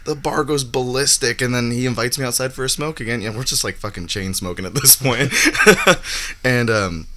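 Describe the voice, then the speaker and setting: Bright-voiced man telling a story. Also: medium pitch, normal speed. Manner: animated, laughs often, acts out quotes. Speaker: guest comedian. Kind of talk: casual storytelling.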